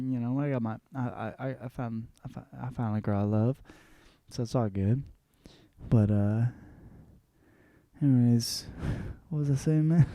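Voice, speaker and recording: A man's voice: mid-range voice, dark tone, clean tone, dry recording. A young man hosting a show, telling a rambling, profane story in a casual comedic monologue. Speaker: host.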